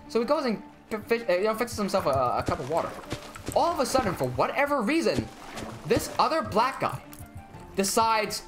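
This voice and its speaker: A man's voice: high voice, very animated, fairly quick, fairly bright tone, soft background music. A young man telling a long personal story while streaming a game, swearing often and acting out the quotes.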